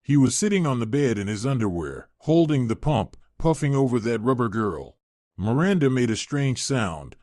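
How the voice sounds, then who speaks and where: A man reads a scripted story in a steady, storytelling way. His pitch moves a lot as he goes. The recording is dry and close. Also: no echo.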